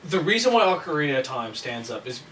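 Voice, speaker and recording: High, animated man chatting from across a room. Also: quick pace. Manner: animated, lively storytelling with crude jokes. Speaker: co-host. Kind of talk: casual group chat. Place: room at a table. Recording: distant mic, faint background noise.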